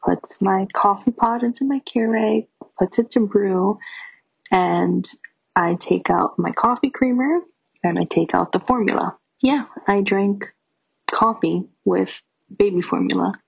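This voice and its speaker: A mother telling a lively, funny anecdote. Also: mid-range voice, measured pace, vocal fry, breathy edge. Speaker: mother sharing a story. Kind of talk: casual anecdote. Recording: dull lo-fi recording.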